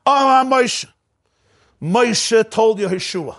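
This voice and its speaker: A man with a notably high voice delivers a Torah sermon, using Ashkenazi Hebrew pronunciation. He teaches emphatically and drives his points home with rhetorical questions. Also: animated, moderate pace. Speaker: rabbi.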